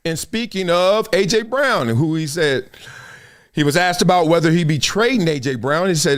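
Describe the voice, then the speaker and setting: Animated, slangy male sports show host. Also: on the high side, normal speed. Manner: animated, slangy, laughs often. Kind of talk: opinionated live sports commentary. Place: live streamed talk show.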